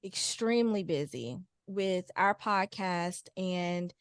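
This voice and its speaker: A young adult woman, a mother and podcast guest, telling a story in a casual, candid and animated way. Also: lowish voice, slow pace, clean tone, dry recording, clean studio sound. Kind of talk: casual chat.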